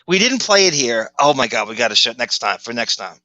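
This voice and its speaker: A man's voice: medium pitch, very animated, fast, sharp tone, dry recording, lo-fi sound. A man hosting a podcast, telling rambling stories in casual chat. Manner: rambling storytelling with restarts. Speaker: podcast host.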